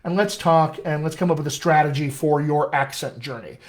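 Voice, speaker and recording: A man coaching accents on a live stream, reading out questions and answering in a friendly, upbeat way. His voice sits a little high for a man. He keeps the chat loose and conversational. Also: moderate pace. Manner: upbeat, chatty, reads viewer questions aloud. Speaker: dialect coach.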